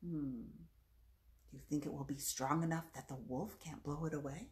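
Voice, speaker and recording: A woman's voice: low voice, fairly even intonation, moderate pace. A woman children's librarian leading a playful storytime for young children, with songs and a story in a library. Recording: echoey room.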